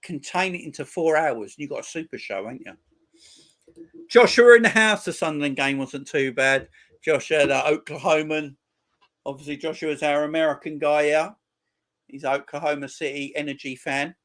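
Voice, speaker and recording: A man's voice: a little high, normal speed, fairly bright tone. A man in his forties hosting a football channel, chatting casually with viewers on a live stream in crude, mocking banter. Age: 40s.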